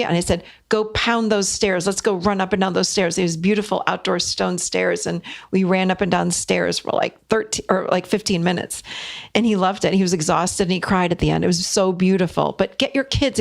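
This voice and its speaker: A woman's voice: medium pitch, creaky. A middle-aged woman hosting a podcast, giving casual advice and acting out short exchanges between parents and children. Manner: warm, emphatic, acts out parent and child voices. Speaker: podcast host and therapist.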